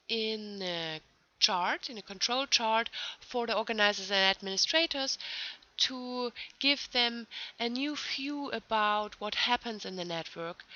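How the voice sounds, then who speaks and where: A young woman giving a conference talk as a researcher, explaining her findings carefully and methodically with phrasing and pauses. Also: on the high side, bright, forceful tone. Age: young adult. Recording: dull lo-fi recording.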